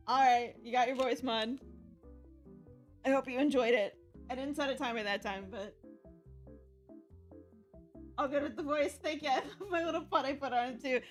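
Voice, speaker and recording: Chatty woman streamer with a high voice. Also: a little slow, pauses often, faint music behind. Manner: chatty, laughs often, many fillers. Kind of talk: live stream chat.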